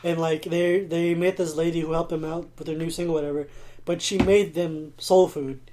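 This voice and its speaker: A young man co-hosting a podcast in casual chat, telling lively stories, swearing freely and laughing often. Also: a little high, normal speed, noisy background. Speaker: podcast co-host.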